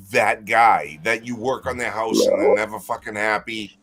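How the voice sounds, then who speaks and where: A man's voice: medium pitch, normal speed, a bit bright, soft background music. A man in a casual live chat who tells stories in a heated way, swearing as he goes.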